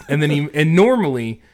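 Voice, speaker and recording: A man's voice: fairly high pitch, very animated, a little slow, a little mellow. A young man in casual chat, telling stories in a laid-back way and laughing often.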